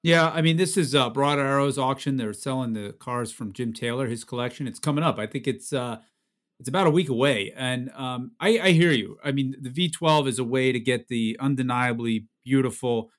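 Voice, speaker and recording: A man hosting a casual chat, curious and playful, quick to jump in with questions. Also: medium pitch. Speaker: podcast host.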